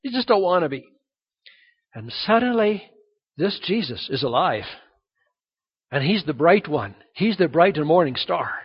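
A middle-aged man preaching a sermon as pastor, animated and acting out the voices he quotes. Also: a little high, measured pace, husky, long reverb tail. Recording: dull lo-fi sound.

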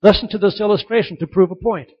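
A male pastor preaching a sermon. He tells stories and repeats his key lines for emphasis. His voice sits high and husky, and the recording is dull and lo-fi. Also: fast talker.

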